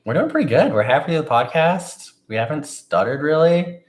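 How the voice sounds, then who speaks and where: A man's voice: fairly high pitch, lively intonation, fairly quick. Playful young man in an echoey room. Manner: playful, jokey banter. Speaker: podcast co-host. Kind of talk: casual chat.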